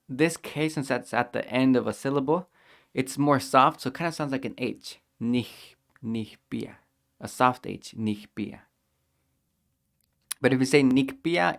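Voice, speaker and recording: A man teaching a language lesson, patiently repeating each phrase slowly and clearly for learners to copy. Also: medium pitch, a bit bright.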